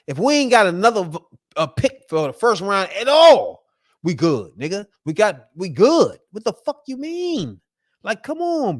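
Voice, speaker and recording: A man delivering a loud, profane, emphatic sports fan rant. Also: on the high side, no room sound, clean studio sound.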